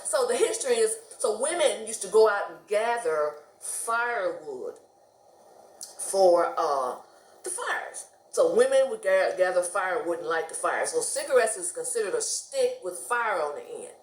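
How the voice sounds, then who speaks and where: A middle-aged American woman vlogs, casually telling stories to camera in a mid-range voice at normal speed. She's chatty, laughs often and does animated quoted voices, and the sound is reverberant.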